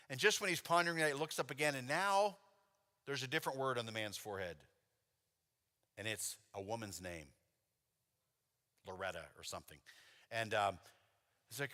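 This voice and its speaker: A man preaching at a church convention, telling lively stories and acting out the dialogue with casual fillers. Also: medium pitch, brisk. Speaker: convention speaker. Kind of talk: sermon with storytelling. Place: church sanctuary. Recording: long hall reverb in a church.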